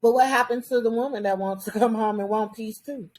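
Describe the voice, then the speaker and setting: A woman's voice: a little high, a little fast, darkish tone, slight background noise. A woman hosting a podcast, asking her guest questions and repeating the show's catchphrase. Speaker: podcast host. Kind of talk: casual podcast talk.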